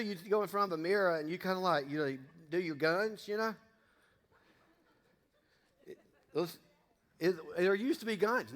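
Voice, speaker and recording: A middle-aged pastor with a high, fairly bright voice delivers a casual, folksy sermon, joking with his congregation. The church sanctuary gives the recording a long hall reverb.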